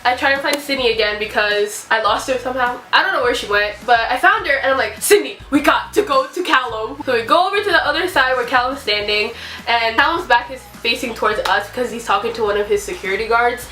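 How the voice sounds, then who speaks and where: A young woman vlogger telling an excited story-time tale, gushing and giggly, breathless with excitement. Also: fairly high pitch, fast. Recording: echoey room, mic at a distance.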